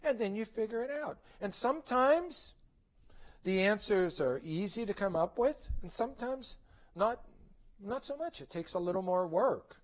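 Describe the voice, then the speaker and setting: A man's voice: sits high, animated, moderate pace. A middle-aged man presenting at a conference, lecturing parents in a conversational way, often asking rhetorical questions and checking in with "okay?".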